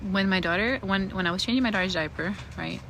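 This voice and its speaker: A woman's voice: mid-range voice, fast, fairly bright tone, slight background noise, rough recording. A young woman telling a frightening personal ghost story, casually and with lots of swearing. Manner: swearing, rambling, frightened retelling. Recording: music bed underneath.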